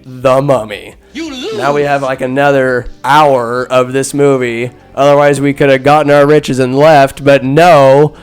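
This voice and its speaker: Smooth-voiced man joking through a movie recap. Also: mid-range voice, unhurried, faint music behind. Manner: rambling, profane, jokey asides. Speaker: podcast host. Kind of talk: casual comedic movie recap.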